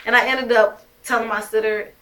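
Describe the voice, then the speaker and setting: A woman's voice: fairly high pitch, steady tone, normal speed, bright, forceful tone, a little hiss or hum. A young woman telling her own story as a mother, emphatic and heated, swearing often. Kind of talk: emotional personal storytelling.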